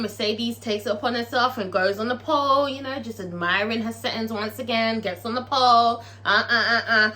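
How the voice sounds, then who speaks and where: Chatty woman recapping a tv episode, high bright voice, animated n swears a lot. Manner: animated, chatty, profane, laughs often. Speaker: TV episode reviewer. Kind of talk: casual recap commentary.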